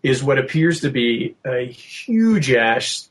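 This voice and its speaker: A middle-aged man recounting an eerie encounter for a podcast, vivid and animated. He acts out the voices of the people in his story. His voice sits at an ordinary middle pitch. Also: slow pace. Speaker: podcast guest.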